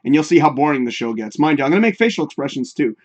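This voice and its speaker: A man hosts a livestream show, chatting casually, swearing freely, laughing often, and reading viewer comments aloud with jokey advice. His fairly high voice is animated and very fast, with lo-fi sound.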